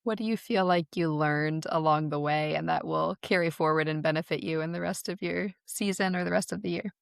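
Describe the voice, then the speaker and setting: A woman hosting a podcast, asking thoughtful, measured interview questions. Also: low-pitched, creaky, clean tone, dry recording, studio quality. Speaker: podcast host.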